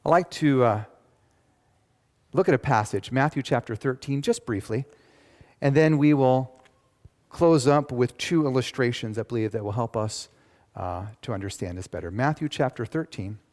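A male pastor preaching a sermon in a church, with animated, emphatic delivery. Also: medium pitch, normal speed. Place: church sanctuary. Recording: long reverb of a church.

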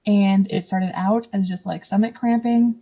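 A young woman, a podcast guest, casually recounting a personal story in an animated way, acting out what others said. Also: medium pitch, moderate pace. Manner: animated, acts out quoted dialogue.

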